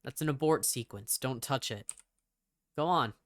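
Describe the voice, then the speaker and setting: A woman reading the lines of an injured man who calmly guides the player through an escape in a horror game. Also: extremely low pitch, normal speed, no echo. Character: steady injured male companion, urging the player on.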